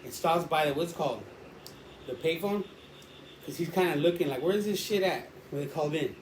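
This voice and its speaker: A man appearing as a storyteller guest spins a rambling, slangy street story casually, his voice fairly high and a little fast. The room echoes and faint background noise can be heard.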